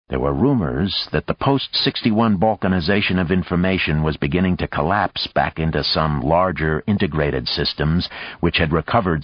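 A man narrating an audiobook in a measured, even storytelling manner. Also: sits low, no room sound, muffled recording. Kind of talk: scripted narration.

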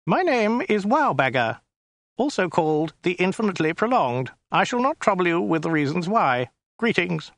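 A man's voice: high voice, sing-song, normal speed, fairly bright tone, no room sound, studio quality, pitched above the performer's own voice, full character voice. A man reading an audiobook voices a small, weaselly, pedantic male alien with a prim, fussy, officious manner. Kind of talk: audiobook character voice.

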